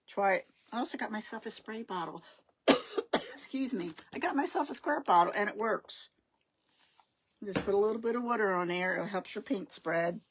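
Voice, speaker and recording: Hosting a relaxed craft livestream, a middle-aged woman talks in a medium pitch. She meanders, welcomes her viewers, and frequently loses track of her words.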